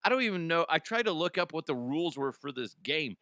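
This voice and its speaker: A man's voice: on the high side, expressive, quick pace, sharp tone, no room sound. A man hosting a comedic news show, rambling bluntly through headlines, swearing and laughing at his own jokes. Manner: casual, blunt, frequent restarts. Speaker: host.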